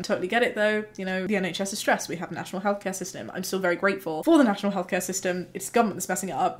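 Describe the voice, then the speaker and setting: Chatty woman telling a story. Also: medium pitch. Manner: chatty, animated, laughs often. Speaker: YouTube storyteller. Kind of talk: casual storytelling vlog.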